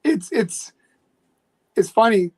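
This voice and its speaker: A man co-hosting a podcast in casual chat, who speaks haltingly with frequent restarts. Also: high voice, animated. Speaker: podcast co-host.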